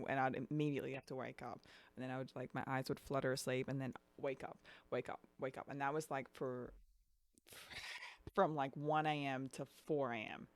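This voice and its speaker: A young woman streaming a game and chatting casually, laughing often and dropping lots of "like" and "dude". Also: extremely low pitch. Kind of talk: casual chat while gaming.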